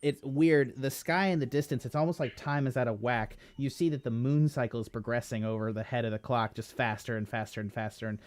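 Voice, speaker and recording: A man's voice: medium pitch, fairly even intonation, fairly quick, few pauses. A man running a tabletop game as game master, narrating with frequent fillers and self-corrections.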